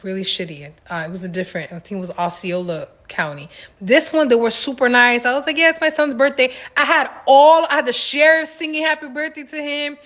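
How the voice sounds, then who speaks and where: A woman hosting a casual livestream Q&A, telling stories in an animated, slangy way with laughs, into a phone mic. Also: on the high side. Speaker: livestream host answering viewer questions.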